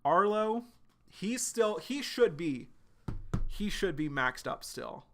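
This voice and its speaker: A man streaming live, retelling a webcomic chapter in quick, casual narration with sudden excited outbursts. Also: high voice, slight background noise. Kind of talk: live reading and reaction.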